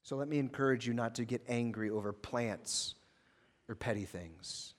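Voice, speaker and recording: A man preaching a sermon as pastor, swinging from hushed reflection to intense, fervent passion. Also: medium pitch, moderate pace, in a large hall. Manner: impassioned, rising to intense fervor.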